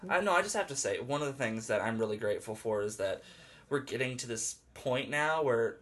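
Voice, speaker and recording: A man chatting casually and candidly, his delivery lively and loose, heavy on filler words and quick laughs. His pitch sits in an ordinary middle range for a man. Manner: animated, peppered with "like", laughs often. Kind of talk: casual podcast chat.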